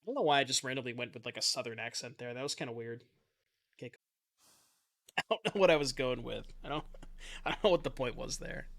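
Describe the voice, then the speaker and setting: A man's voice: mid-range voice, fairly quick, long pauses, fairly bright tone, no echo. A man giving casual commentary on his online card game, thinking aloud in a chatty, self-mocking way and swearing now and then.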